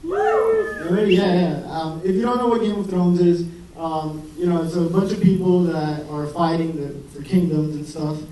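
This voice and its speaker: High-voiced young man doing stand-up. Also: moderate pace, hardly any pauses, warm tone. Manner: rambling, profane, self-deprecating storytelling. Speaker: medical student doing stand-up. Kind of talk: stand-up comedy set. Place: comedy venue with live audience. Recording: roomy, distant live recording with crowd laughter. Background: audience laughing.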